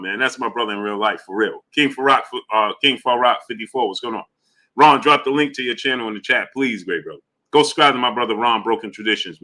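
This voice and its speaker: A man hosting a live boxing talk stream. He greets viewers one by one in a loose, casual, slangy way. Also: medium pitch. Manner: loose, repetitive shout-outs in a friendly drawl, slips into slang.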